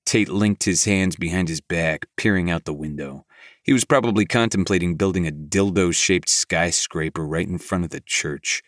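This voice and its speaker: A man narrating a novel in first person with a flat, gruff delivery. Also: low voice, normal speed, no room sound, studio quality. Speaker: audiobook narrator. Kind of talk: scripted narration.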